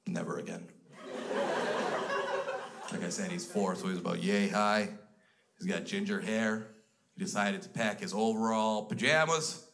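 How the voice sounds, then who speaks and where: This Canadian stand-up has a lowish, slightly bright voice with vocal fry, and he paces himself, pausing often. He tells crude stories in an exasperated way to a live audience, and the show recording carries audience noise and laughter.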